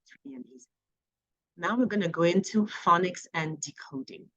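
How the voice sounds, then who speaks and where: A woman training reading volunteers, talking through classroom activities in a relaxed, conversational way with plenty of fillers. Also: fairly low pitch, normal speed, vocal fry, dry recording, dull audio. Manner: conversational teaching with fillers and playful classroom examples. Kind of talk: training presentation.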